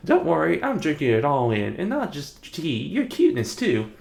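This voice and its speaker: Male streamer voicing cheerful young woman, cafe regular; sing-song, lifted pitch, lively. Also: normal speed, gravelly, faint music behind, heavily acted.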